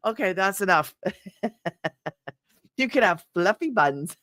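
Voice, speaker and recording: A woman's voice: mid-range voice, expressive, very slow, a bit bright, dry recording, clean studio sound. A woman hosting a casual livestream, bubbly, laughing often and talking straight to her viewers. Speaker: livestream host. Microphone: phone.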